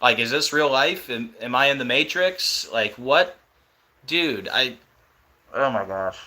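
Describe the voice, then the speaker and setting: A young man hosting a live stream, talking casually and excitedly in disbelief. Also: medium pitch, unhurried.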